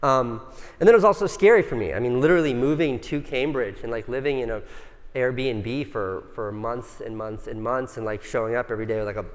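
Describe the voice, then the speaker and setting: A man's voice: medium pitch, fairly quick. Chatty, profane man on a hall stage. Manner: casual, profane, self-mocking, chatty with the audience. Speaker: conference speaker. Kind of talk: casual storytelling talk. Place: large conference hall stage. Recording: long reverb from a large hall.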